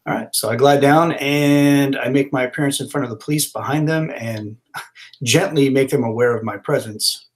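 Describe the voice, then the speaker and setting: A man's voice: mid-range voice, normal speed. A man playing a tabletop role-playing game, describing his moves in a casual, rambling way. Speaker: player.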